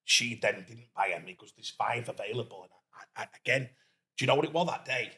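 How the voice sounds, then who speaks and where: A man from Doncaster with a Yorkshire accent, a guest entrepreneur telling lively stories in a casual interview and acting out what people said. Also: mid-range voice, quick pace. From Doncaster, England. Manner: lively storyteller who acts out quoted speech.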